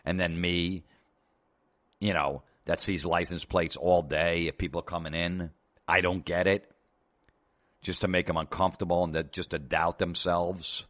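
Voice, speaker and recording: A man's voice: low-pitched, flat delivery, moderate pace, a bit bright. A man hosting a comedy show, ranting in a sarcastic, profane and exasperated way. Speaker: comedian host. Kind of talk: comedic rant.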